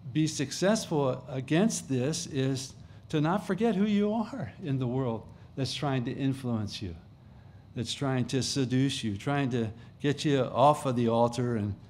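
Higher-voiced man preaching conversationally. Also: darkish tone. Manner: conversational preaching with restarts and emphatic repetition. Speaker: pastor. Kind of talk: sermon.

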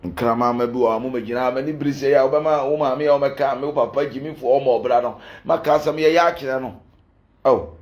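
A man's voice: medium pitch, fast, darkish tone. A man with a Ghanaian accent, a pastor speaking in a fiery, defiant and combative way as he answers his critics. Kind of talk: heated address to critics. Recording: echoey room.

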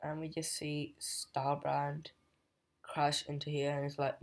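Guy slowly rambling thru a comic recap, lots of ums, pretty monotone. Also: a little high, creaky. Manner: rambling, with fillers and restarts. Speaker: comic book reviewer. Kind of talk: casual plot recap.

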